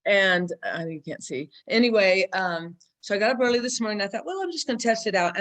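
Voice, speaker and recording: Excited woman in her seventies on a video call. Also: medium pitch. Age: 70s. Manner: excited, chatty storytelling. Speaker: community member sharing a testimonial. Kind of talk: casual group video call. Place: relative's home with people around. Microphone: laptop video call.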